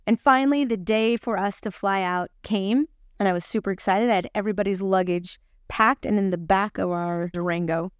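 Smooth-voiced woman teaching scripture. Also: mid-range voice, a little fast, dry recording, clean studio sound. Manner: chatty, confiding, self-deprecating. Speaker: gospel lesson podcast host. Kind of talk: scripture lesson with personal storytelling.

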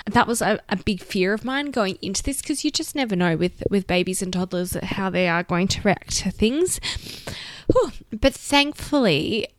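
A young Australian woman talks candidly into a close podcast mic, open and emotional as she tells her own story. Her voice is smooth and clear, and the recording is dry with no room sound. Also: medium pitch, fairly bright tone, no echo. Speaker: podcast host. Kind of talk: solo podcast talk.

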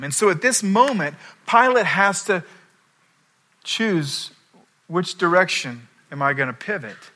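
Bright-voiced man preaching a sermon. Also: high-pitched, a little slow. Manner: animated storytelling, acts out quoted voices. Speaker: pastor.

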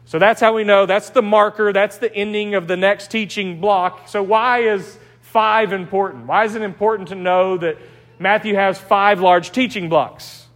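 A male pastor with an East Texas accent gives his sermon in a church sanctuary. His voice sits high, and he shifts into personal stories in an easy, conversational way. Long reverb from the hall trails behind each phrase. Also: fairly even intonation, normal speed, fairly bright tone. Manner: conversational, anecdotal preaching with restarts.

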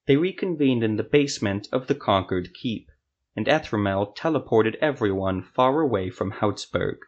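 A man narrating a scripted fantasy story for a podcast in a steady, even storytelling manner. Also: on the low side, moderate pace, highs cut off.

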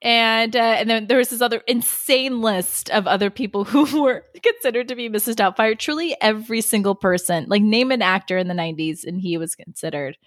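A woman's voice: on the high side, fairly quick, few pauses, dry recording, studio quality. A woman co-hosting a casual movie rewatch podcast, chatty and laughing often mid-sentence. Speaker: podcast co-host.

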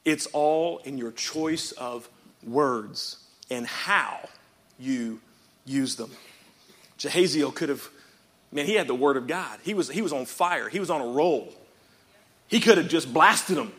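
A man pastor preaching a sermon in church, swinging from quiet reading up to shouted, rhythmic repeated phrases and calling out to the congregation. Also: fairly high pitch, expressive, a little slow, pauses often. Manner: calls out to the congregation.

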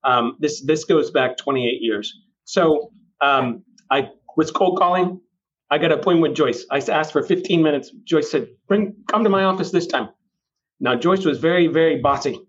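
A middle-aged man, a mortgage lender, tells a rambling anecdote from his career. His voice sits a bit high for a man. The recording sounds dull and lo-fi. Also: normal speed. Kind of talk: casual storytelling.

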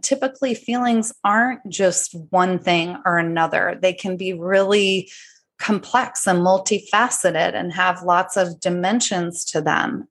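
A woman's voice: lowish voice, fairly bright tone. Thoughtful woman podcast host. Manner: thoughtful and measured. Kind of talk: casual conversation.

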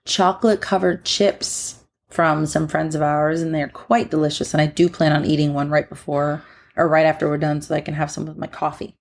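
A young woman in her twenties co-hosts a podcast with relaxed, chatty ease. Her voice sits low for a woman. She adds touches of dry humor. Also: a little fast, vocal fry. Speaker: podcast co-host. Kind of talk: casual chat.

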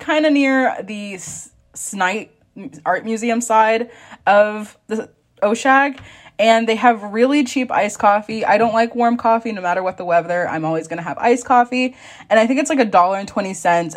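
A young woman guest on a student podcast, chatting in a relaxed, easygoing way. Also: medium pitch. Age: young adult. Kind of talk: casual chat.

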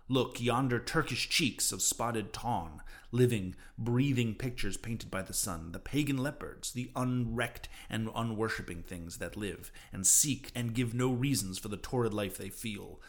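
A man's voice: medium pitch, a little slow, close to an everyday voice. A man voicing an obsessed, vengeful old male sea captain in a fervent, declaiming way. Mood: persuasive.

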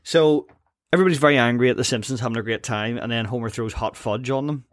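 A man's voice: medium pitch, quick pace, no echo. Chatty man on a dry mic. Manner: chatty, laughs often, hesitant with ums. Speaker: podcast co-host. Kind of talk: casual chat recapping a cartoon episode.

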